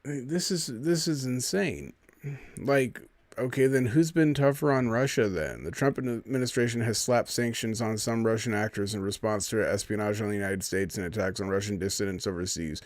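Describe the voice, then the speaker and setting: A man's voice: fairly low pitch, fairly quick, dry recording. A man hosting a live stream, reading out a news fact check and arguing with it in an indignant, sarcastic running commentary.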